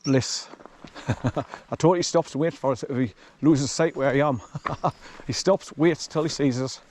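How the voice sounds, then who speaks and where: A man rambles cheerfully as he walks a forest track, chuckling to himself between remarks. He speaks at a middling pitch into a camera he carries. A faint wash of outdoor noise sits behind him. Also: a little slow, darkish tone. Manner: rambling, chatty, chuckles often. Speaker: vlogger walking his dog. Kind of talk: casual walking vlog commentary.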